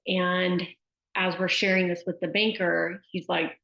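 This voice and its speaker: A woman's voice: lowish voice, little pitch movement, measured pace, gravelly. A middle-aged woman, a sports nutrition specialist, chatting casually and telling stories, often tossing in "like" and "right?". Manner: chatty storyteller, frequent "like" and "right?". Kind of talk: casual conversational advice. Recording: echoey room, dull lo-fi sound.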